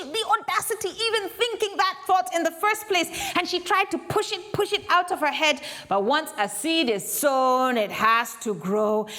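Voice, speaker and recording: A woman's voice: fairly high pitch, a bit bright. A woman performing a live interactive story, dramatic with whispers and gasps.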